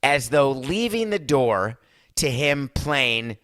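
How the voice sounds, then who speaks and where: Sarcastic bright-voiced male podcast host. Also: mid-range voice, big pitch swings, takes it slowly, dry recording, studio quality. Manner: sarcastic, rambling asides to a producer; mock Italian accent in one brief bit. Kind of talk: opinionated sports and culture talk.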